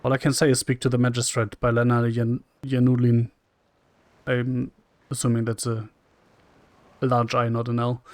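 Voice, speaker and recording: Streamer, man, mid pitch, wry chatty reads, dry close mic. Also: normal speed, long pauses, dry recording. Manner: wry and chatty, reads lines flatly and jokes. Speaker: streamer playing a role-playing game. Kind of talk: casual gameplay commentary, reading dialogue aloud.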